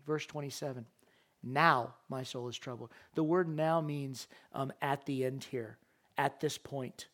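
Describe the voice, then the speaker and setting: A man's voice: medium pitch, fairly even intonation, unhurried, fairly bright tone. A man preaching a sermon, reading scripture verses aloud and explaining them, and repeating key phrases for emphasis.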